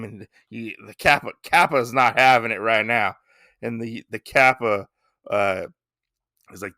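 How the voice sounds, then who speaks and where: A man casually recaps a comic story on a podcast, rambling with frequent fillers. His voice is bright and forward. It is recorded close on a mic in a dry room. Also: mid-range voice, moderate pace, no room sound. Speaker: podcast host.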